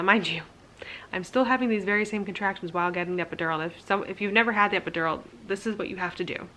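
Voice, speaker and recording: A woman's voice: fairly low pitch, sharp tone, a little hiss or hum. A young woman casually telling her birth story to camera, candid and chatty, full of "like" fillers and self-mocking laughs.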